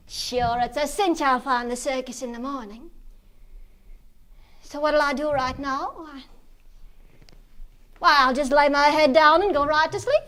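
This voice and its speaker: A woman's voice: sits high, bright, forceful tone. Woman playing a lost, fretful little girl. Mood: wistful, sleepy. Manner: childish, rambling, sings a spooky song. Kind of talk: stage monologue with song.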